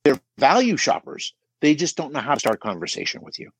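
A middle-aged man coaching on a podcast, emphatic and animated, asking rhetorical questions as he talks. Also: fairly high pitch, fast talker, breathy edge. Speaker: auto shop business coach guest. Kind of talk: podcast conversation.

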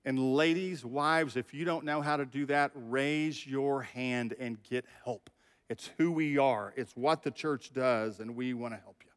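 A man's voice: mid-range voice, measured pace. Man, middle-aged, pastor, conversational sermon, reverberant church hall. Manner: conversational, talks straight to the congregation.

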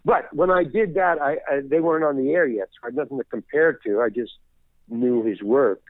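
A man's voice: mid-range voice, fairly quick, dry recording. Older man on a tinny phone line. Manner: rambling, many restarts and repeated words. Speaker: guest actor. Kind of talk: casual interview chat.

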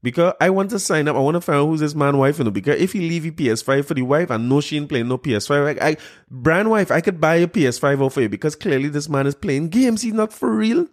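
A fairly high-voiced man, reading out a news story and ridiculing it line by line. His voice is incredulous and sarcastic, full of mocking questions. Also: lively intonation, quick pace, few pauses. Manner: incredulous, sarcastic, laughing at what he reads. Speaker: commentator reacting to a news article.

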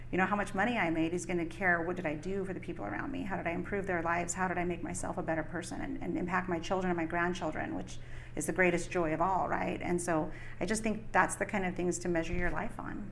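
A middle-aged woman talking as an interview guest, earnest and reflective, in a lowish voice. She speaks in a motivational tone, and faint ambient noise hangs behind her. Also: steady tone, fast talker.

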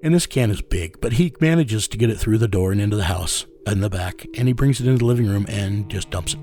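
A man's voice: on the low side, quick pace, mellow. A man telling a story as an interview guest, blunt and profane, chuckling as he goes. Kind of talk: casual storytelling.

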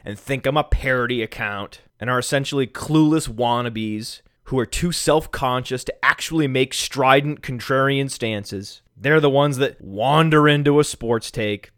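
A man hosting a sports podcast alone, sarcastic and mock-calm, who keeps bursting into shouts. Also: mid-range voice, normal speed, hardly any pauses, smooth, no room sound, studio quality. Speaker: fantasy football podcast host. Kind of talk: sarcastic solo podcast rant. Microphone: studio microphone.

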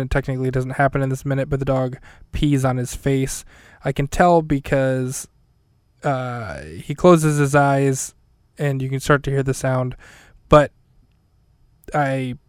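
A man's voice: medium pitch, clean tone, no room sound. A man hosting his own podcast, casually recapping an episode in a rambling, self-correcting way with dry humor. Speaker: podcast host.

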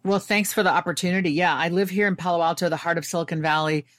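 Low-voiced woman, earnest storyteller. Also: steady tone, dry recording, clean studio sound. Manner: earnest, candid, quick bursts. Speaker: author and guest. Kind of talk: reflective personal storytelling.

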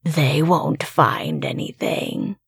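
A woman voicing a male spirit that hides under a bed and talks in a low, deep whisper. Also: huge pitch swings, takes it slowly, vocal fry, slightly rough, dry recording, studio quality, heavily acted. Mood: hushed warning.

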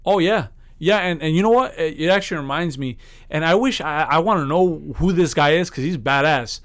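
A man's voice: fairly high pitch, a little fast, a bit bright. A man co-hosting a podcast, telling a story in rambling casual chat with many restarts. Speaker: podcast co-host.

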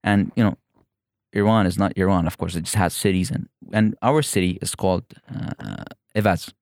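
A guest comedian from the United Arab Emirates, whose first language is Evazi Persian, talks loosely and playfully in a casual interview, often breaking off and restarting sentences. His fairly low voice is animated and moves at a moderate pace, recorded dry and close with no room sound.

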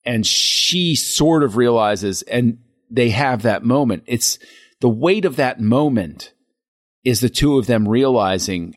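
A man co-hosting a podcast, talking through a film scene in a reflective, halting way with frequent restarts. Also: medium pitch, lively intonation, no echo, studio quality. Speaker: podcast co-host. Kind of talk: casual film discussion.

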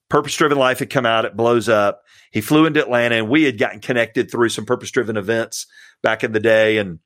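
Recorded dry with studio quality, this medium-pitched man is a pastor from Georgia, US, appearing on a podcast. His relaxed interview conversation is full of sincere, heartfelt stories and fond words about the people who mentored him.

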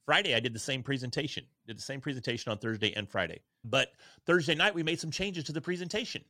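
Bright-voiced man telling earnest stories. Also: medium pitch, fast talker, dry recording. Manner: earnest, energetic, self-deprecating. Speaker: podcast guest. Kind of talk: candid conversational storytelling. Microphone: video call.

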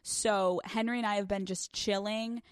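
A woman's voice: medium pitch, steady tone, normal speed, clear, resonant tone, no echo. A young adult woman hosting a casual solo podcast, candid and crude, joking as she talks into a close mic. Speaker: podcast host.

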